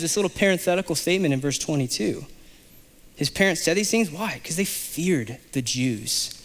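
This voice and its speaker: A man pastor preaching a sermon, animated, acting out the characters of a scripture passage in quick asides. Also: fairly high pitch, big-room sound.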